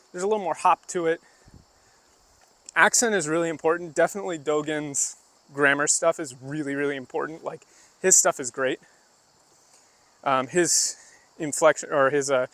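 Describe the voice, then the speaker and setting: His voice is a little high and fairly bright, with no echo on the recording. He's strolling outdoors on a rural walk while live-streaming, talking loosely to his chat and peppering his explanations with fillers and asides.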